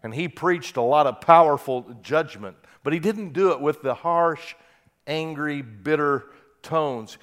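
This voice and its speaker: A man preaching a sermon who reads scripture aloud and swings from quiet, soft passages to loud, impassioned peaks. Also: a little high, measured pace. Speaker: pastor.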